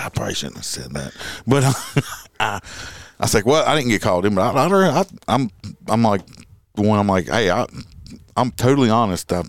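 A man's voice: fairly low pitch, no echo. A middle-aged man, a police officer, tells stories casually and often laughs as he talks. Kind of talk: casual storytelling.

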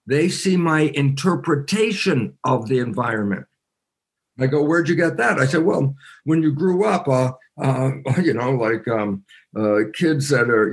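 An older man, a guest in an interview, explaining ideas through lively anecdotes and acting out the voices in them. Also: mid-range voice, breathy edge. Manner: acts out voices in anecdotes, exclaims. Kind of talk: animated interview storytelling.

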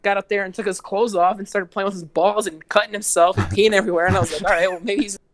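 A man's voice: high voice, fairly even intonation, fast talker. A man chatting as a guest musician on a casual podcast, rambling and swearing, with lots of "like". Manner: rambling, profane, heavy use of "like".

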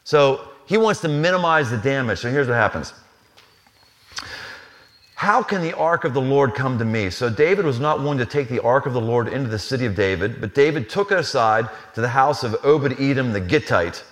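A man's voice: medium pitch, expressive, brisk, few pauses. A man preaching a live sermon in a casual, humorous way, often acting out the people in the story. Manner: conversational, humorous, acts out scenes. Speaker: pastor. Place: live church venue.

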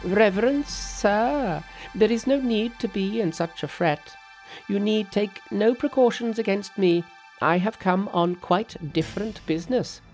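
A boastful, clever male monkey sage from a storybook, brisk and bossy with a teasing edge, as a woman reads him in an audiobook. He gives orders in a mid-range voice, quick to mock and quick to command. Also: medium pitch, lively intonation, darkish tone, faint music behind, natural voice. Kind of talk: audiobook reading.

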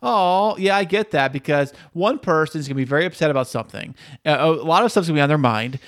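A man's voice: on the high side, lively intonation, fairly bright tone, dry recording, clean studio sound. A man in his thirties co-hosting a couples podcast in casual, joking chat. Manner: joking, playful, drawn-out asides. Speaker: podcast co-host.

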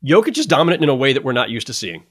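Casual sports-podcast guest, man, chatty, mid pitch, lots of restarts. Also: racing. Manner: animated, restarts often, laughs between points.

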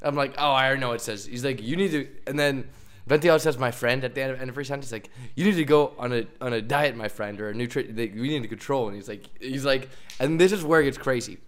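Young male podcast host, casual and lively storyteller, mid-range voice. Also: medium pitch, quick pace, clear, resonant tone. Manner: animated storytelling, laughing often, many fillers. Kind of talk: casual chat.

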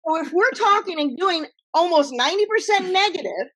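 A woman author talking as an interview guest, telling her story in an emphatic, animated way. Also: extremely high pitch, brisk. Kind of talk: conversational interview.

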